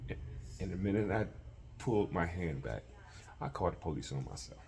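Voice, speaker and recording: A man casually telling a personal story, animated and acting out the voices of people he quotes. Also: deep voice, fairly quick, creaky.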